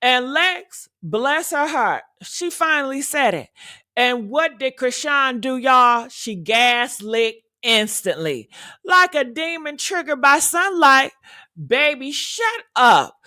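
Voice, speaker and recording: A woman's voice: high-pitched, expressive, slow pace, sharp tone, no room sound, clean studio sound. A woman hosting gossip commentary, sassy and dramatic, calling her listeners honey and baby. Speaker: commentary host.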